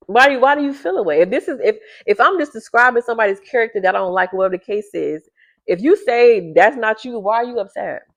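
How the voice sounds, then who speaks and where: A woman talks casually to viewers, repeating herself for emphasis and jumping high in pitch when she gets worked up. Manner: keeps her voice down at first with a sleeping baby nearby. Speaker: vlogger giving a reading to viewers. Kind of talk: casual direct-to-camera talk. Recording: slightly dull lo-fi sound.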